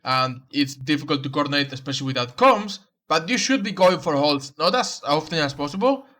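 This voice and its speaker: Bright-voiced man coaching a game replay. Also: on the high side, expressive, fairly quick. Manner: instructive, repeats key advice. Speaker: game coach reviewing a match. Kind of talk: coaching commentary over gameplay.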